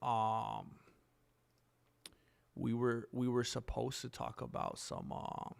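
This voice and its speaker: Speaking slowly in a flat, medium-pitched voice with vocal fry, a man chats casually on his livestream. He rambles, responds to the chat, and fills gaps with frequent ums.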